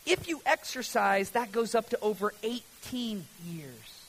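A man preaching a sermon as pastor, lively and conversational, swinging from loud emphatic lines to a hushed, almost whispered delivery. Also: sits high, unhurried, husky, low-quality recording.

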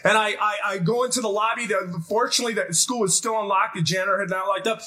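A middle-aged pastor preaching a sermon, telling a story with energy and putting questions to the congregation. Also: male voice, sits high, fast. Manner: animated storytelling, shouts when acting out scenes, asks the crowd questions. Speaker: guest pastor.

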